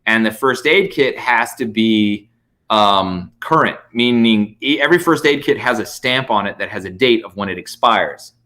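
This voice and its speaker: A man, a comedian guest on a podcast, telling a story in casual chat, animated and profane, acting out both sides of an exchange. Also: lowish voice, normal speed. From United States.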